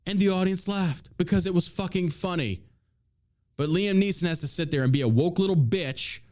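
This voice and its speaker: A man's voice: high-pitched, moderate pace, a little mellow. A man hosting a podcast, ranting in casual political commentary with lots of swearing and mockery. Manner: profane, ranting, mocking. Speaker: podcast host.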